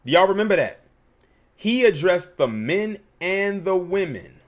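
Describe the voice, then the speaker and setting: A man's voice: high voice, very animated, unhurried. A man hosting a livestream, giving emphatic, opinionated commentary and reading super chats.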